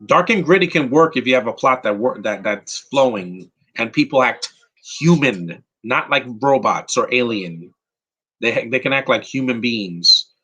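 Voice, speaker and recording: A man from New York runs a live film commentary podcast with a bright, tense voice. He rambles from one opinionated take to the next, often restarts his sentences, and answers chat questions as they come in. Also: medium pitch, lively intonation, moderate pace, slightly rough, poor audio. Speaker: podcast host.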